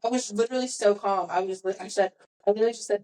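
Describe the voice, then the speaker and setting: Young woman, podcast host, casual storytelling, mid-pitched voice, circles back on herself. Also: fast, dark tone, low-quality recording. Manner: rambling, self-correcting storyteller.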